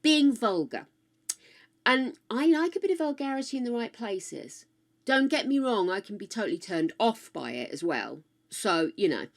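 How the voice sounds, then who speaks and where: A woman's voice: fairly high pitch, very animated, normal speed, vocal fry. An older woman from the UK, chatting casually and frankly on a live game stream, swearing freely and tossing asides to her viewers. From United Kingdom. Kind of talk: casual live-stream chat while gaming.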